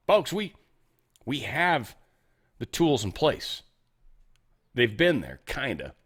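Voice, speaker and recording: A man with a voice a touch higher than most talks through the news in a loose, casual commentary style. He reads a line, then drifts into rambling, sarcastic asides. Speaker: commentary show host.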